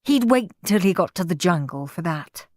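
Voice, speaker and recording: A woman narrating a children's audiobook in an expressive, playful way. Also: on the low side, moderate pace, dry recording, clean studio sound. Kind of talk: storybook narration.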